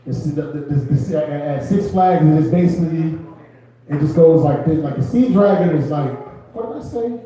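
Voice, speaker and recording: A man's voice: fairly high pitch, moderate pace, mellow, very echoey, distant mic, rough recording. A man hosting an open mic and doing loose, rambling, self-mocking stand-up comedy in a club.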